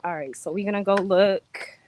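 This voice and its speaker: A woman chatting to viewers in a casual live stream while showing a rental villa, talking in a slangy, relaxed way. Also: mid-range voice, moderate pace, a little hiss or hum. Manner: chatty, addresses viewers, drops into slangy speech. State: out of breath from climbing stairs. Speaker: vlogger touring a rental villa.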